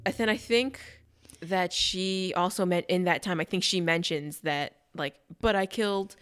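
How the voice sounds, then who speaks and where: Young woman, animated recapper; chatty co-host voice, quick put-on quotes. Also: on the low side. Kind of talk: casual recap chat.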